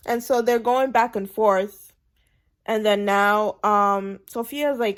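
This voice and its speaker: A woman chatting casually through a TV episode recap, animated and emphatic, repeating her points for effect. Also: medium pitch, slow pace, smooth. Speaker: TV show recap vlogger.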